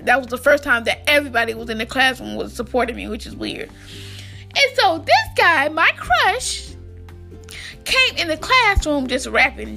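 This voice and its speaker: High-voiced woman telling a rambling story. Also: normal speed, creaky, soft background music. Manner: rambling, animated, many fillers and restarts. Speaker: vlogger. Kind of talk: casual storytime addressed to viewers.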